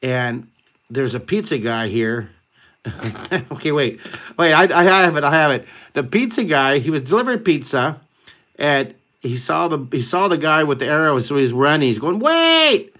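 A man hosting a live online drawing lesson, talking excitedly and rambling as he draws and makes up a story. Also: on the high side, normal speed.

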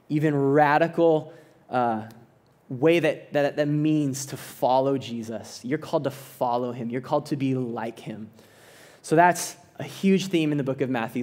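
Guy pastor preaching, kinda high voice, earnest and chatty, lots of restarts. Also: darkish tone. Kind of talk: sermon.

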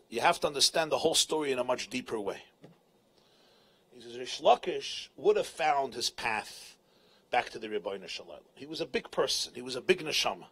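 A man, a rabbi, retelling a Talmud story to a live audience in a large event tent, with dramatic, emphatic delivery and shouted peaks. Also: fairly high pitch, husky.

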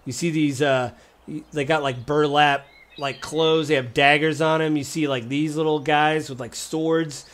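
A man with a fairly high, fairly bright voice narrates a tabletop game as game master. He's casual and rambling, full of fillers and small laughs, keeping a steady tone at an unhurried pace.

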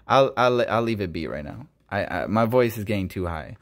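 A young man opening trading cards on his channel, talking excitedly and grumbling between pulls. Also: on the low side, unhurried. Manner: animated, swings between squeals and grumbling. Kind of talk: excited card-opening vlog.

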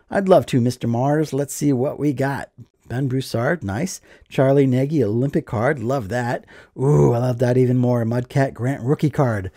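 A man's voice: medium pitch, normal speed, warm tone, no echo, studio quality. Upbeat man opening fan mail. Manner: enthusiastic, joking asides. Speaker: card collecting vlogger. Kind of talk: casual mail opening chat.

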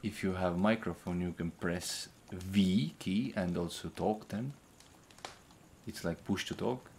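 Gaming host, man, slow and unhurried, thinks out loud while playing; heavy keyboard clatter and clicks in the mix. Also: low-pitched, slight background noise. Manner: thinks aloud while playing, muttering to himself. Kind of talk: casual gameplay commentary.

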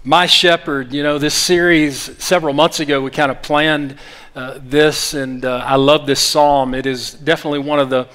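A man's voice: a little high, little pitch movement, normal speed, a bit bright, smooth. A man preaching a sermon as pastor, earnest and full of restarts, calling on the congregation to repeat after him. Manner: earnest, with frequent fillers and restarts.

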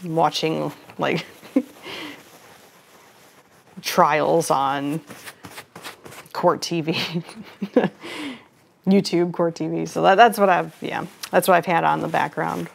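A woman's voice: low voice, slow pace, creaky, pauses often, slight background noise. A woman hosting a live painting stream, chatting casually with viewers, laughing often and greeting chat while she works. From Florida.

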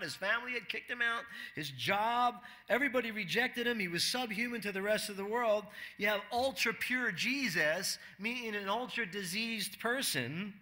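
A man's voice: high-pitched, bright, forceful tone. A man preaching a sermon to a church congregation in a conversational way, asking the room questions and acting out quotes. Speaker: pastor.

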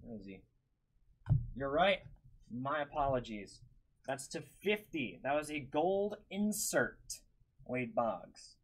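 A man's voice: mid-range voice, sing-song, slow pace, long pauses, breathy edge, low-quality recording. A man hosting a live-streamed card break, calling out each card and chatting with viewers by name.

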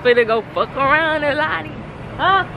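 Relaxed vlogger, slang-heavy banter, heavy background noise. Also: female voice, high-pitched, a little fast, creaky. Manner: laid-back, slangy banter. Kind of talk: casual vlog chat.

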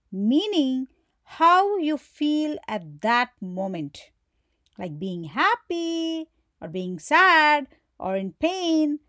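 Woman teaching grammar, high voice that goes all over, slow and careful, asks then answers herself. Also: no echo, clean studio sound. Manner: acts out example exclamations. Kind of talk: grammar lesson.

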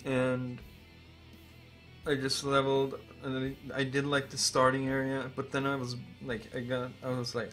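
Faint music plays behind a man in his twenties as he tells a rambling, profane story on a live stream. He speaks at a moderate pace in a mid-range voice, greatly excited and emotional to the point of almost crying.

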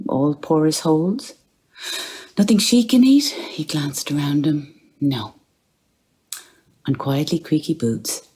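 A woman's voice: sits low, mellow, breathy edge. A woman giving a literary reading, lingering over phrases and dropping to near-whispers. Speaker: reader.

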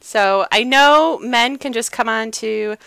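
Female co-host, bright-toned and chatty, self-deprecating humor, dry recording. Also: on the high side, slow, gravelly, clear, resonant tone, no echo. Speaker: podcast co-host. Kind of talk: casual podcast chat.

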